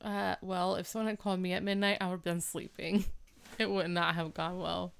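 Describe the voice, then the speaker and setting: A woman's voice: on the low side, level tone, brisk, gravelly, clean tone. A woman co-hosting a podcast, chatting playfully about a show and laughing often. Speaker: podcast co-host. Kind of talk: casual chat recapping a show.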